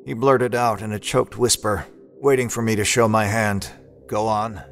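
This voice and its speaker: A man's voice: fairly low pitch, fairly even intonation, moderate pace, fairly bright tone, faint music behind. A man narrating an audio drama in the first person, with a folksy old-timey drawl and a laid-back, wry manner.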